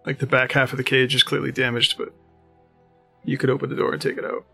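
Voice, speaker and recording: A man running a tabletop game as game master. He has a gravelly, creaky voice and describes scenes in a meandering way, full of fillers. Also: medium pitch, monotone, quick pace, bright, forceful tone, faint music behind.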